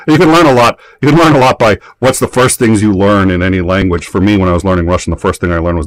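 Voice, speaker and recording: Deep-voiced man telling a rambling story. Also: fast talker, hardly any pauses, dry recording. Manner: rambling, with many fillers and restarts. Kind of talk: casual storytelling chat.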